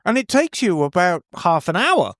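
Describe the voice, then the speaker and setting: A man talks on a podcast in a chatty, emphatic way, handing out practical advice. His voice sits fairly high. The sound is dry and close. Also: very animated, normal speed, fairly bright tone, no room sound. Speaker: podcast co-host. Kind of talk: casual chat.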